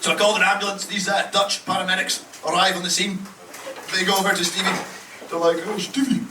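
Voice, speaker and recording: A brash Scottish man rattles off a profane stand-up story on a club stage, his voice sitting high for a man. The mic hears him from a distance, so the room echoes around him, and loud noise runs underneath. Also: level tone, fast talker. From Scotland. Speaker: stand-up comedian. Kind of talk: stand-up comedy set. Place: comedy club stage with audience laughter.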